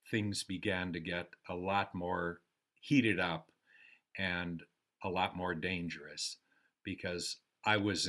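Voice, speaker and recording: Slow, deep-voiced older American man. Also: a bit bright. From United States. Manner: rambling and unhurried, with pauses and fillers. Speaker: memoir storyteller. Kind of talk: casual spoken memoir.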